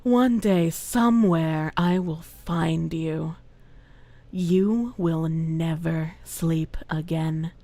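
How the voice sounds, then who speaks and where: A woman streamer voicing a cold, menacing villain who speaks in slow, low, deliberate threats. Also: mellow, dry recording, heavily acted.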